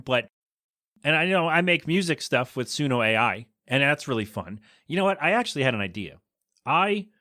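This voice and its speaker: A man's voice: medium pitch, fairly bright tone, dry recording, clean studio sound. A man hosting his own podcast, chatting casually on his own and rambling, restarting his sentences and voicing blunt opinions. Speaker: podcast host. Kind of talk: casual solo podcast chat.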